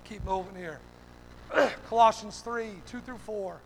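A man's voice: high-pitched, a little slow, slight background noise. A man preaching a fiery sermon, starting line after line with "hey" in a preaching cadence.

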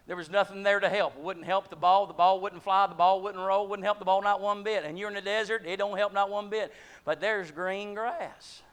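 A man, preaching a sermon in a folksy way that builds to loud, shouted climaxes. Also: high-pitched, steady tone, fairly quick, clear, resonant tone.

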